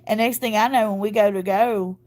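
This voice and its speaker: A woman's voice: medium pitch, fairly even intonation, fairly quick, darkish tone. A woman, chatting casually to her viewers in a folksy, rambling way, her voice choked up from earlier crying. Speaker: vlogger.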